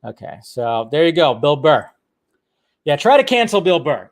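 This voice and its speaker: A man's voice: a little high, sing-song, unhurried. A man hosting a casual movie news commentary, blunt, swearing freely and laughing often.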